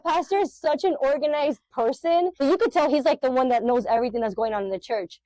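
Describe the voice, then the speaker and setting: A middle-aged woman, a podcast guest, telling a personal faith testimony in an animated, emotional, filler-heavy way. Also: high voice, brisk, few pauses, no room sound.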